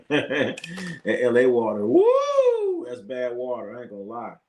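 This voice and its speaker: A man in the middle of the pitch range hosts a casual sports live stream. He rambles, swears freely and talks back to his chat as the messages come in. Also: moderate pace, darkish tone. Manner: loose, profane, reacts to chat.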